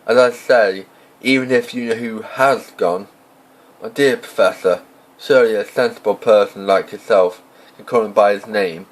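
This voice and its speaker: A man voicing a stern, impatient older woman professor in an amateur audiobook reading, speaking in a brisk, clipped and exasperated way. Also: fairly low pitch, natural voice, rough recording.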